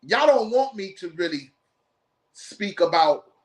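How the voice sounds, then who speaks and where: Dude ranting slow and blunt on his live stream, cussing a lot, heated. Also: high voice, lively intonation. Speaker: podcast host. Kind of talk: live-stream commentary rant.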